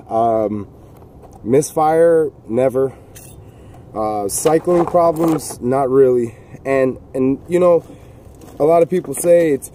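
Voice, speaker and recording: A man's voice: mid-range voice, dark tone. A man casually talking through a handgun demonstration outdoors in the cold, rambling with folksy jokes and asides. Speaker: gun video host.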